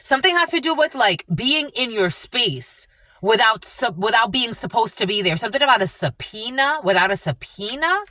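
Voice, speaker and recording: Woman channeler, casual reading monologue; bright, forceful voice, swears freely, dry close sound. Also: fairly high pitch, sing-song, moderate pace, no echo. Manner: rambling, profane, blunt. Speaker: spiritual channeler and tarot reader.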